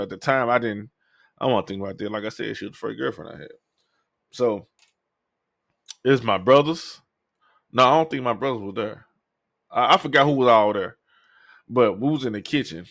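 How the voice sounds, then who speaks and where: A man hosts a podcast and tells a long personal story in a loose, profane style. He acts out what the other people in the story said. His voice sits at an ordinary middle pitch, and the recording is close and dry with no room sound. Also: fairly bright tone, no room sound. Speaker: podcast host. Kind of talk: casual storytelling.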